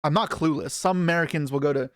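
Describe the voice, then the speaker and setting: A man's voice: a little high, steady tone, fast, a bit bright, no echo, clean studio sound. Chatty young man streaming from Canada. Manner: rambling, self-deprecating, reading chat aloud. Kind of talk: casual live-stream chat.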